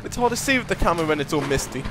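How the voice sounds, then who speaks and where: A man talks through a horror game in a high, very lively voice, cursing under his breath and then yelling in panic. The game's noise sits clearly under his voice. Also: rapid-fire. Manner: jumpy, swears, swings from muttering to panicked shouting. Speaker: gaming commentator. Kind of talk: horror game let's play commentary.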